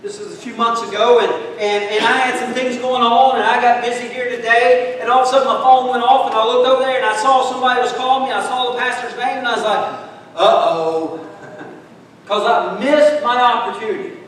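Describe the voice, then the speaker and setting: A man's voice: very high-pitched, steady tone, fairly quick, a bit bright, slight background noise. A middle-aged man preaching a sermon, telling folksy stories with humor and calling his listeners friends, in a large church hall far from the microphone.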